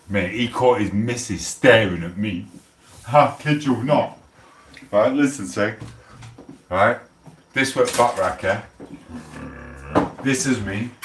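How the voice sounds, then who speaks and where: Tipsy man, deep voice. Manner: chatty, rambling, loud banter. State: a bit drunk. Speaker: livestream host. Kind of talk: casual rambling livestream chat. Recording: roomy echo, distant from mic.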